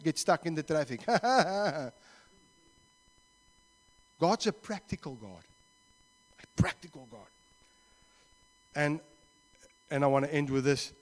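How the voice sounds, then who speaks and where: A man with a South African accent preaches in a church service, pitched a little above most men. He talks earnestly, slips into Afrikaans phrases, and closes by leading a prayer. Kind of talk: sermon and closing prayer.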